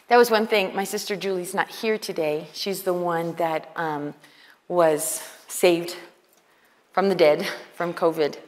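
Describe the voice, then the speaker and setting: A conference speaker with a lowish voice preaches unhurriedly to a women's conference. Her sermon is earnest and conversational, often quoting dialogue, and the big hall gives it reverb.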